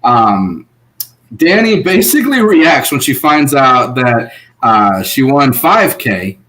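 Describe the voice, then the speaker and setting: On a rough recording, a man with a mid-range voice speaks slowly while co-hosting a laid-back online show. His recap chat is animated and laugh-filled, with contestants' words delivered in their own voices.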